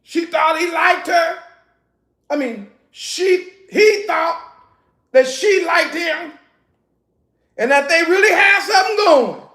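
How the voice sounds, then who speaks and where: A man preaching a sermon in a loud, emphatic, laughing way, with slangy street talk, in an echoey room. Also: very high-pitched, lively intonation, slow, pauses often.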